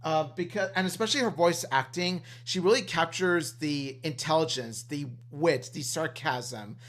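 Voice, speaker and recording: A man's voice: on the high side, normal speed, a bit bright. A man co-hosting a podcast in casual chat, earnest and enthusiastic, often repeating himself. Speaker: podcast co-host.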